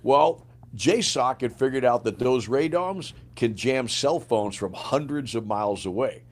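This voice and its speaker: An older man, a retired Green Beret sergeant major appearing as a guest, tells vivid war stories in a casual storytelling interview. His voice is medium-pitched and his pace measured. He's an animated storyteller who acts out quoted dialogue and swears freely.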